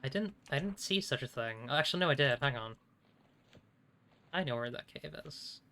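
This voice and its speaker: A man's voice: mid-range voice, lively intonation, moderate pace, bright, forceful tone. A man casually commenting while playing a video game on a live stream, chatty, swearing freely and talking to himself in short bursts.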